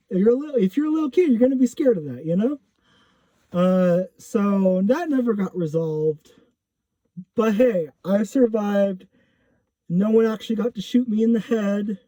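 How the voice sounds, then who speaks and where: Slow, very dark-voiced man rambling a story. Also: sits high, no echo. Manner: rambling, with many fillers and self-corrections. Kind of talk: casual storytelling. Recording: dull lo-fi recording.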